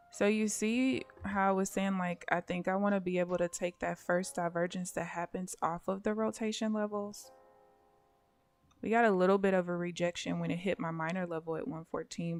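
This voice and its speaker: A woman giving casual live commentary on her own day trading, thinking aloud and often dropping to soft mutters. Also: lowish voice. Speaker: day trader streaming live.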